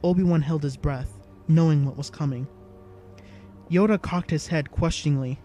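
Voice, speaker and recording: A man reading a story aloud in an even, measured narration style. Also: a little high, soft background music. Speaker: audiobook narrator. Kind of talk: scripted narration.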